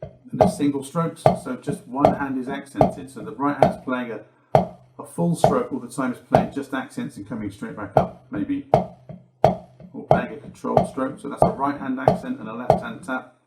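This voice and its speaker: A man teaching percussion who counts beats steadily and explains each exercise. His voice sits at an ordinary middle pitch. The room is echoey, with loud drumming heard behind him. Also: moderate pace, music in the background. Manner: calm, counts beats aloud while playing. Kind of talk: instructional demonstration.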